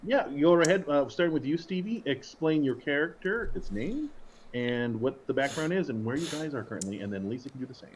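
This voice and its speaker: A man's voice: on the high side, lively intonation. A man from Minnesota, the dungeon master, chatting casually and jokily before a livestreamed tabletop game. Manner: jokey, folksy, quick-talking.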